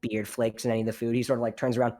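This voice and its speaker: A man's voice: mid-range voice, flat delivery, very fast, warm tone, faint music behind. A man narrating as game master of a tabletop game, rambling casually with many fillers.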